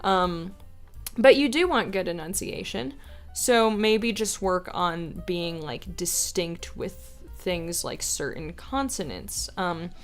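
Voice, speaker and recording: A woman's voice: fairly low pitch, takes it slowly, faint music behind. A woman voice actress casually answering viewer questions, chatty and full of fillers. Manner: chatty, lots of filler words like "like" and "um". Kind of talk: casual Q&A advice.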